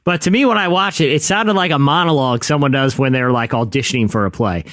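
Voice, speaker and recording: A man co-hosting a podcast in casual chat, animated and acting out sketches in loud put-on voices. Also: medium pitch, fast talker, no echo, studio quality. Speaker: podcast co-host.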